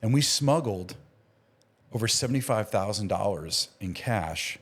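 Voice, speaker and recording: A man with a fairly low voice tells a story as a guest on a podcast. He talks like an emergency doctor reliving his experiences, animated and acting out the dialogue. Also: a little slow, slightly rough. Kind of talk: casual storytelling interview.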